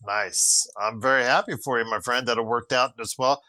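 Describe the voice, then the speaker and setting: A man's voice: mid-range voice, moderate pace, sharp tone, no echo. A man hosting an interview, chiming in with brief teasing reactions. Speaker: podcast host. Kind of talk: casual interview.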